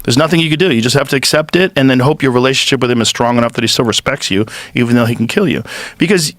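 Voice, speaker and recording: A man's voice: medium pitch, rapid-fire, a bit bright, no room sound. Podcast host, man, 50s. Blunt, swears freely, close dry sound. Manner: blunt and profane, laughs easily. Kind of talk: casual chat.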